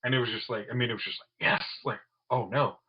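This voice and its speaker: A man's voice: mid-range voice, racing, breathy edge. A man co-hosting a podcast, chatting casually about a show and quoting characters playfully. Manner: relaxed, quotes characters in playful voices. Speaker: podcast co-host. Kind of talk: casual movie review chat. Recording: dull lo-fi sound.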